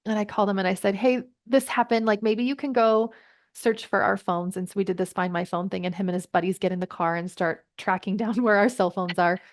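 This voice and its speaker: A woman in her thirties, a parenting coach, telling a personal story in an earnest, reflective way with quick asides. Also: medium pitch, fairly even intonation. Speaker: podcast guest, parenting coach. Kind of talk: conversational storytelling.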